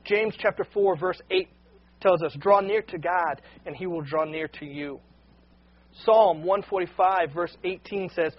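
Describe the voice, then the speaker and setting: A man's voice: a little high, fairly even intonation, normal speed, lo-fi sound. A man preaching a sermon, earnest and unscripted, often repeating words as he starts a sentence. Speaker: pastor.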